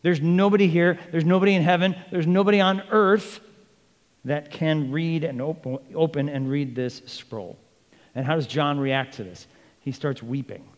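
A man preaching a sermon as pastor, animated, acting out the voices of the people he quotes. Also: a little high, normal speed. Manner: animated, acts out quoted speech. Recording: long reverb of a large hall.

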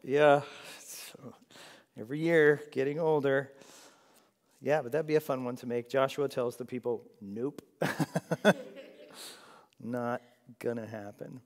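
A man's voice: mid-range voice, fairly even intonation, slow, pauses often. A man teaching a Bible study class in a casual, chatty way, laughing often and checking in with his listeners. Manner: chatty, laughs often, asks the room "right?". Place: large room with a group of listeners. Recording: long echo of a large hall.

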